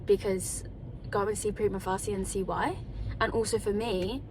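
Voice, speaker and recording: A woman's voice: mid-range voice, fairly even intonation, normal speed, heavy background noise. Emotional, confessional woman vlogging. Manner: emotional and confessional, with many fillers and laughs. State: tearful at times. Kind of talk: candid personal vlog to camera.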